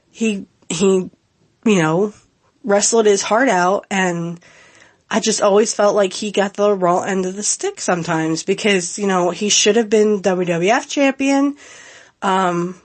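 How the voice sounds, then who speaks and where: A woman's voice: medium pitch, a little slow. A woman hosting a solo podcast, talking in a heartfelt, rambling way with many fillers and restarts. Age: adult with a young child. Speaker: podcast host. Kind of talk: casual solo podcast talk.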